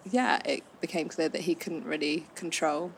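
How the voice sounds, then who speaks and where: A woman's voice: deep voice, fairly even intonation, normal speed, creaky, slight background noise. Chatty London woman telling stories. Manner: laughs often, chatty and frank. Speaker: podcast co-host. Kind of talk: casual chat, storytelling.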